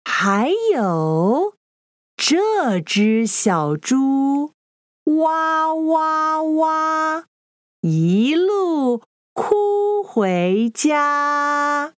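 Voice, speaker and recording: A woman teaching a children's language lesson, repeating each phrase slowly and clearly in a sing-song way. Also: fairly high pitch, very animated, dry recording, studio quality.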